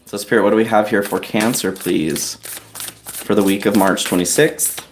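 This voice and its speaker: A man giving a live-streamed tarot reading, chatty and soft-spoken, talking straight to his viewers and getting choked up at times. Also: lowish voice, fairly even intonation, normal speed, noisy background. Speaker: tarot reader. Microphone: on-camera livestream mic.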